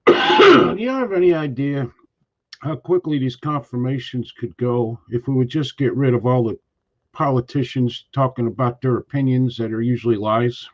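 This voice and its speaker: A man co-hosting a casual political chat show, talking bluntly and grumbling, who keeps clearing his throat and coughing. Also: mid-range voice, expressive, moderate pace. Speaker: podcast co-host. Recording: dull lo-fi sound.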